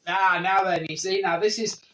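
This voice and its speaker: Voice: medium pitch, fairly even intonation, normal speed, a crowd in the background, rough recording. An English co-host chatting casually, blunt and opinionated with a joking edge. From England. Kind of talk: casual chat.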